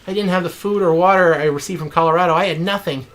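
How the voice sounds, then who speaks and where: A man's voice: a little high, quick pace, few pauses, a bit bright. Man jokingly reading game text aloud. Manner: jokey, dramatic reading with asides. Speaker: let's play host.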